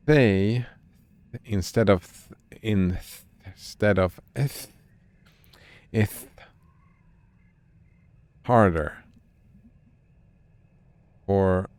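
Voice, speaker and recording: A man reading a video game's dialogue aloud on a stream, with a very low, gravelly voice. He takes the lines slowly and deadpan, barely changing from one character to the next. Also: no room sound.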